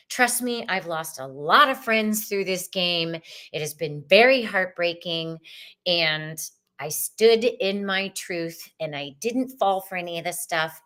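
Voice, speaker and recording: A woman with a Southern US accent hosting a casual spiritual livestream, bubbly and effusive, with laughs and sudden swings in pitch. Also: pushed and bright. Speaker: host.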